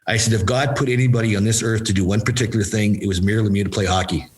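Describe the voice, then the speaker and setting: An older man, a former hockey player and coach, answering interview questions with lively anecdotes and acted-out quotes. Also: lowish voice, racing, low-quality recording. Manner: animated, acts out quoted dialogue, repeats himself for emphasis.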